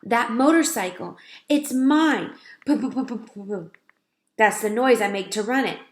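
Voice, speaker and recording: Woman putting on a young boy mouse, higher voice, pleading, coaxing, storybook read-aloud, echoey room. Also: takes it slowly. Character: young male mouse, eager and dignified. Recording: roomy echo.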